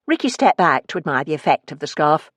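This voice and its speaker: A woman with a fairly low voice reads a first-person mystery, her pitch swinging in a lively, wry way. The sound is close and dry, with no room around it. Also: quick pace, dry recording. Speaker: audiobook narrator. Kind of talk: scripted audiobook narration.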